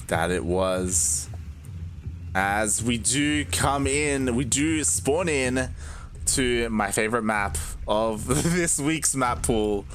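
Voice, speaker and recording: A man's voice: mid-range voice, takes it slowly, a bit bright, faint music behind. Laid-back man casting esports. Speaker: esports caster. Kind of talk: live game commentary.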